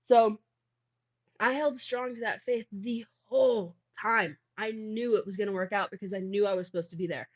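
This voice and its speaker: A woman's voice: medium pitch, fairly even intonation, normal speed. A young woman, a guest on an interview show, tells a personal story in a casual, rambling way, filling her talk with "like". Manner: rambling, heavy use of "like". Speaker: guest, founder of a healing practice. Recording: dull lo-fi audio.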